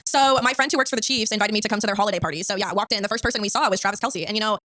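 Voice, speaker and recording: Young woman guest, chirpy bright voice, talks really fast and goes along with everything. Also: mid-range voice, dry recording. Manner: agreeable, supportive, playful. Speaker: podcast guest. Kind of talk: casual chat.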